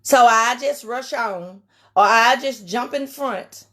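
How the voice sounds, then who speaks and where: Preaching slowly in a casual live-stream sermon, a woman uses a raspy, country-twanged voice that's fairly high, pushed and bright. She's emphatic, repeats her key phrases, and calls on viewers by name.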